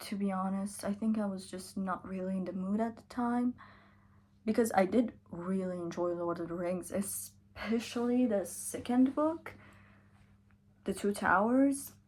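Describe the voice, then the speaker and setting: A young woman talks through a reading vlog in a casual, chatty way. She sounds tired and takes her time, drawing out her words at an easy, slow pace. Every so often she drops her voice to a whisper. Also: mid-range voice, darkish tone. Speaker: book vlogger.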